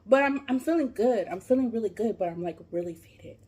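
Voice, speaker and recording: A woman vlogger telling a long story while she eats, casual and animated, full of fillers and swearing. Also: on the high side, fairly quick, breathy edge. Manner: animated, profane, lots of fillers. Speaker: mukbang vlogger.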